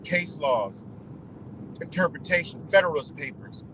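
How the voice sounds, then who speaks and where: A man's voice: on the high side, lively intonation, moderate pace, noisy background. A man hosting a livestream, ranting casually in a rambling, profane, emphatic way. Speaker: livestream host.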